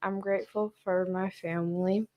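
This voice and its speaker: A young woman speaking as a guest in casual chat, soft-spoken and hesitant. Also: medium pitch, level tone, normal speed, dull audio. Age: young adult.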